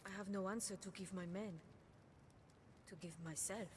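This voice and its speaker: An actress playing a troubled captain of soldiers, speaking formally and earnestly. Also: female voice, mid-range voice, fairly even intonation, normal speed, background noise, natural voice.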